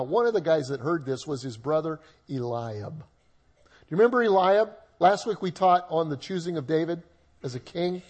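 A man's voice: fairly high pitch, darkish tone. A male pastor preaching a sermon in a conversational way with humorous asides.

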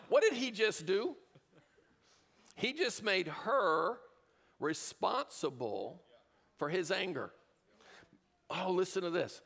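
A man's voice: high-pitched, vocal fry, bright, forceful tone. A man giving a motivational talk to a live audience in a large room, speaking into a handheld mic with punchy rhetorical questions. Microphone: handheld microphone.

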